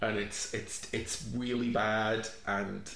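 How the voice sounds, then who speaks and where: A man's voice: fairly low pitch, level tone, slow, creaky, a bit bright. An Irish man, a comedian guest, chatting about films with dry, self-mocking humour. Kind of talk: casual comedic chat. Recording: echoey room with faint ambience.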